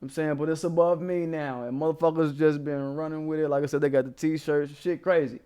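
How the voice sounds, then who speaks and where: A man hosting a casual commentary show, telling a story in a profane, animated way and laughing as he goes. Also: fairly high pitch, a little fast, smooth.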